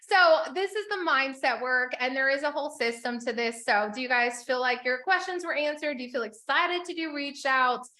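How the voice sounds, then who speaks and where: High, bright-voiced chatty woman coach. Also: moderate pace, hardly any pauses. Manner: chatty, upbeat, filler-heavy with many "like"s. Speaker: business coach. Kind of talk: motivational teaching to a live group.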